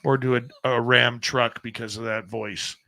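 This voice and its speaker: A man's voice: medium pitch, level tone, moderate pace, creaky, pushed and bright, a little hiss or hum. A middle-aged Canadian man hosting a radio show, chatting casually and trailing off as he works the computer. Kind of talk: casual chat.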